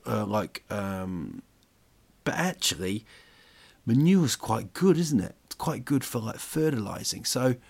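A man's voice: on the low side, gravelly, a little mellow. A man hosting a podcast in a casual, jokey, rambling monologue full of fillers. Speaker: podcast host.

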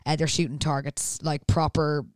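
Low-voiced woman recapping a show. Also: flat delivery, moderate pace, no room sound, studio quality. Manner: chatty, recaps plot at length with acted-out quotes. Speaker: podcast co-host recapping a TV episode. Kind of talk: casual chat.

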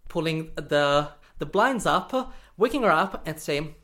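A man's voice: fairly high pitch, animated, unhurried, sharp tone. A man from Italy with an Italian accent, a podcast guest telling personal stories casually with many fillers and a playful, sarcastic streak. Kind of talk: storytelling in casual interview.

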